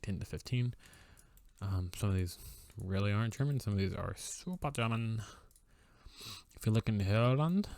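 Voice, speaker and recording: A man's voice: fairly low pitch, gravelly, no echo. A young man casually commenting on his strategy game, musing aloud with fillers and wry asides.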